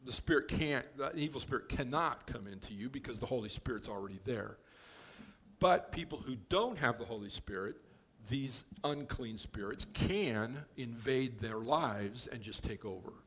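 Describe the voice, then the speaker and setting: Relaxed and conversational, this man walks through Bible verses with casual joking asides. He has a husky, medium-pitched voice and speaks at a normal speed.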